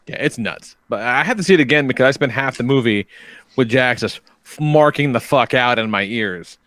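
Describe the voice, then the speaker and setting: Lively, laughing podcast host man. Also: medium pitch, brisk, no echo. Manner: profane, storytelling, laughing often. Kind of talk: casual chat.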